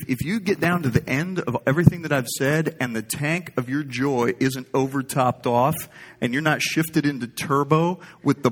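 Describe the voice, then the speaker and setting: A man's voice: mid-range voice, fairly bright tone, slightly rough. A man preaching a sermon in a conversational, humorous style, wandering off into stories. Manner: conversational, humorous, rambling storyteller.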